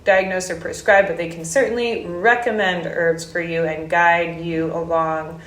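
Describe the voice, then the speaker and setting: A woman's voice: lowish voice, fairly even intonation, normal speed. A woman from Hawaii, an Ayurvedic practitioner, talking casually in an interview with frequent fillers and restarts. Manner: warm storytelling with hesitant fillers. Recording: roomy echoey sound.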